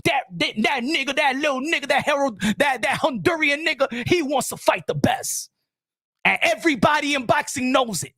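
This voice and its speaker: A man hosting a boxing channel's live stream, ranting in a loud, heated voice and repeating lines for emphasis in profane street slang. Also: very high voice, normal speed, no echo, studio quality.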